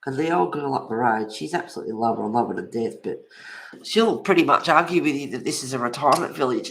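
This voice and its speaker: A woman's voice: sits low, lively intonation, a little fast, gravelly, a bit bright. A woman over fifty, chatting casually during a colouring livestream and telling gossipy neighbourhood stories with frequent laughter. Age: 50s or older. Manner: gossipy storytelling, laughs often. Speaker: livestream host. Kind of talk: casual chat while colouring.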